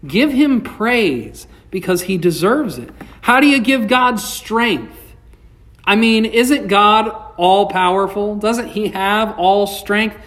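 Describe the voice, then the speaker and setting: Slow, impassioned preaching man. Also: high voice, a bit bright. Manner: impassioned preaching, rising and falling; reads scripture aloud. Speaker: pastor. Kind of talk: sermon.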